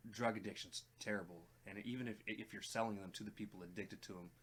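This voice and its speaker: Earnest, lower-voiced man co-hosting a reaction chat. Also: steady tone, fast talker, fairly bright tone, slightly rough. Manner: earnest, plainspoken, talks to viewers directly. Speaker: reaction channel co-host. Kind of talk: casual chat.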